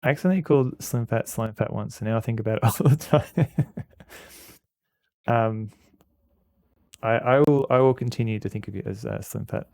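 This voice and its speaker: Male streamer, gravelly voice, dry close sound, self-mocking banter with stumbles. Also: medium pitch, moderate pace, long pauses, darkish tone, no echo. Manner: joking, self-mocking, stammers and repeats words. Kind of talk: casual gameplay commentary.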